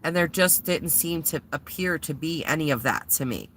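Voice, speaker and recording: A woman's voice: low-pitched, expressive, moderate pace, fairly bright tone. A woman vlogger telling a story in a casual, rambling way, sounding shaken and using many fillers. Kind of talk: casual vlog retelling.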